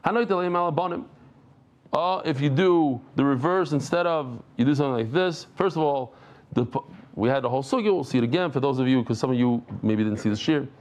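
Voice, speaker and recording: A middle-aged man giving a daily Talmud lesson to a live group, talking in quick bursts, breaking off mid-thought and bantering with listeners. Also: medium pitch. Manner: lively, jumps between thoughts, self-interrupting. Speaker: Talmud teacher.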